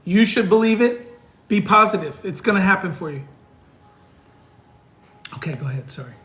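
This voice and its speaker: A woman's voice: medium pitch, animated, moderate pace. A woman co-hosting a casual talk, chiming in with short, teasing remarks and encouragement. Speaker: co-host. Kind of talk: casual chat. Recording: echoey room with faint noise.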